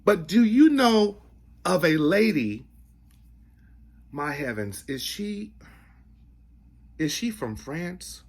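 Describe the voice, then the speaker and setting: An excitable man hosts a casual record show-and-tell, chatting straight to his viewers. His voice leaps around with lively ups and downs, yet he takes his time over every sentence. He is the kind of talker who slips into falsetto when a song grabs him. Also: slow pace, long pauses. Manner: excitable, breaks into falsetto singing; chatty, addresses viewers directly. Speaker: record collector host.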